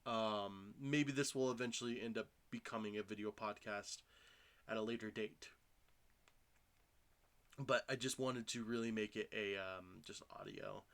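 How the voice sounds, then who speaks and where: A man's voice: fairly low pitch, measured pace, creaky, fairly bright tone. A man in his thirties hosting a casual solo podcast from home, tired from little sleep and talking in a loose, rambling way full of fillers and restarts. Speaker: podcast host. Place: home room.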